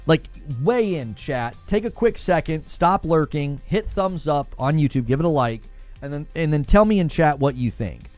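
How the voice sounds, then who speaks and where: A man hosting a casual gaming livestream, animated and laughing often as he reads and answers chat. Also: a little high, normal speed, soft background music.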